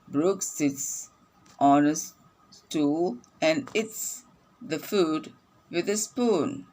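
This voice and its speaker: Lady teacher reading to little kids, super slow, says everything twice. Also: deep voice, a little mellow. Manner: slow, deliberate, repeats each sentence for children. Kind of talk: reading lesson for young children.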